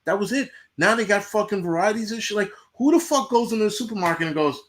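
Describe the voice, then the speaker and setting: A man's voice: high-pitched, lively intonation, fast talker, a bit bright, a little hiss or hum. A man hosting a livestream, ranting bluntly and profanely to his chat in casual talk. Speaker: livestream host.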